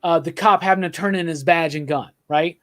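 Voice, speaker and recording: A man's voice: on the high side, a little fast, a bit bright. A man co-hosting a podcast, chatting about comics with enthusiasm, rambling and restarting, often checking in with "right?". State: drinking beer while talking. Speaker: podcast co-host. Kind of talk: casual comics chat.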